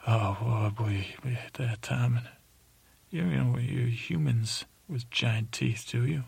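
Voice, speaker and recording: A man voicing a rambling, flirtatious male cat knight in a meandering bedtime story for a sleep podcast, halting with many fillers. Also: mid-range voice, gravelly, a little mellow, slightly rough, exaggerated voice.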